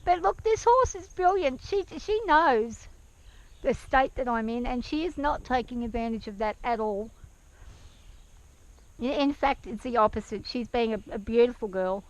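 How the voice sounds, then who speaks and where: An anxious woman talking to camera while on horseback outdoors, hesitant and soft-spoken, speaking gently to her horse, recorded on a worn action camera. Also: fairly high pitch, moderate pace. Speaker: nervous horse rider. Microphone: action camera worn by the rider.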